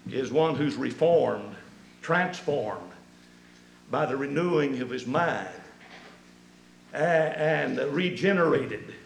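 A man's voice: medium pitch, creaky, reverberant, poor audio. A man preaching a sermon, emphatic and folksy, mixing scripture with homespun stories.

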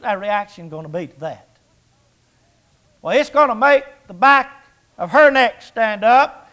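A man's voice: very high voice, animated, unhurried, sharp tone. A man in his sixties preaching a sermon in a folksy, conversational way, with jokes and rhetorical questions. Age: 60s.

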